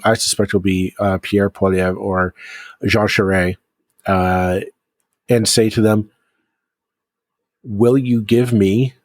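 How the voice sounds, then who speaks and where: A man's voice: on the low side, dry recording. A man co-hosting a podcast, chatting casually about local politics with many restarts and fillers. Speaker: podcast co-host.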